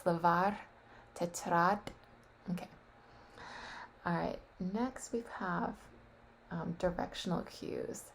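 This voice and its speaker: A woman on a webcam practicing vocabulary aloud, tentative and thinking out loud as she sounds out words. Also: lowish voice, slow pace, gravelly, long pauses, slight background noise. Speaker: language learner practicing vocabulary. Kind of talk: casual solo practice on webcam. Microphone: webcam microphone.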